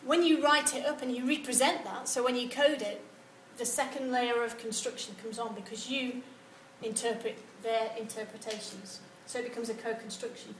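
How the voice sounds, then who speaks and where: A woman giving a university lecture, animated and acting out example replies. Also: on the high side, moderate pace, hardly any pauses. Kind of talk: lecture on research methods. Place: lecture hall. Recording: echoey lecture room with some background noise.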